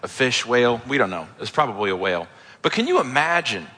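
A man's voice: medium pitch, very animated, fast talker, bright, forceful tone, slightly rough. A man preaching a sermon as a pastor, retelling a story in a casual, conversational way with asides. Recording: echoey hall.

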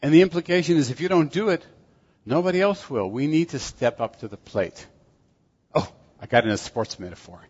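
An older man delivering a sermon in an earnest, measured way, with self-deprecating asides. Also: on the high side, lively intonation, darkish tone, breathy edge. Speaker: preacher. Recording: dull audio with long hall reverb.

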